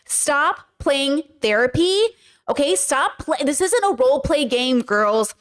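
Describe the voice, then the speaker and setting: High-voiced exasperated New woman. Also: expressive, measured pace. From the Bronx, New York. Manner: heated, exasperated, slangy, calls listeners bros and girl. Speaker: podcast host. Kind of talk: reaction commentary.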